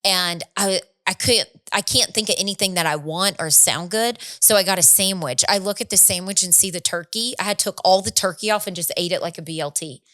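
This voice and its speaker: Animated woman telling a story. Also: lowish voice, brisk, hardly any pauses. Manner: animated storytelling with laughs and acted quotes. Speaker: podcast co-host. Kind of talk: casual chat.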